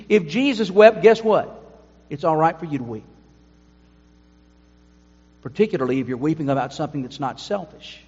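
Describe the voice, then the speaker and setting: A man's voice: a little high, animated, moderate pace, long pauses, a little mellow, slightly rough. A man preaching a sermon to his congregation, adding emphatic asides. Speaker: pastor. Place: church sanctuary. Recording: dull sound with long hall reverb.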